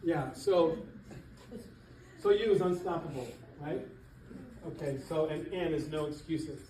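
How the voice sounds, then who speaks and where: A middle-aged man, a real estate coach, giving an animated motivational seminar talk to an audience in a church hall. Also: on the high side, unhurried, a little hiss or hum. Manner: emphatic, animated, laughs between points. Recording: echoey hall, voice from far off.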